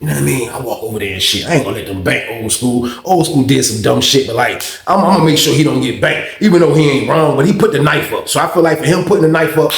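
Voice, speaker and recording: In a casual storytime monologue, a man recounts life in prison, acting out the quoted lines in a raised voice and swearing heavily. He talks fast and animatedly with few pauses, at a medium pitch, in a reverberant space.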